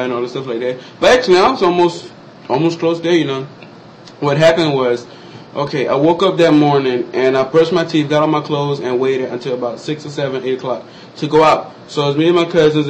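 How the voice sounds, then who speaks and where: Young man, casual storyteller, slightly high voice, animated delivery, faint background noise. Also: brisk, low-quality recording. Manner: animated, acts out quotes in exaggerated high voices. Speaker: vlogger.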